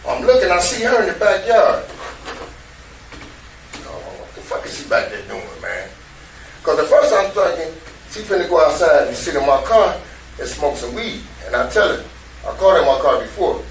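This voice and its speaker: A man, retelling events to detectives in a profane, streetwise, repetitive way. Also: mid-range voice. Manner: profane, streetwise, repeats himself. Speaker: interviewee recounting events to detectives. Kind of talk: emotional casual retelling. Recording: echoey room from a distance, faint noise.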